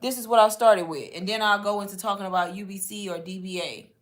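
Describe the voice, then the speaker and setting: A woman's voice: mid-range voice, fairly even intonation, quick pace. Chatty woman coaching. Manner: chatty, instructive, often says y'all. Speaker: online marketing coach. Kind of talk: casual live Q&A teaching.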